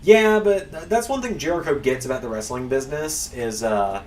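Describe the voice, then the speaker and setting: A man's voice: medium pitch, expressive, moderate pace, darkish tone, recorded from a distance. A man hosting a stream, chatting in a rambling, casual way while he plays. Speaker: streamer and channel host. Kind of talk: casual gameplay commentary. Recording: roomy, off-mic, faint background hum.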